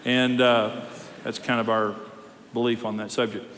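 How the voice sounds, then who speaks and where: A man, a marriage counselor, teaching a live seminar in an emphatic, wry way that builds to loud exhortation. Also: medium pitch, flat delivery, measured pace, a little hiss or hum. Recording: long reverb of a large hall.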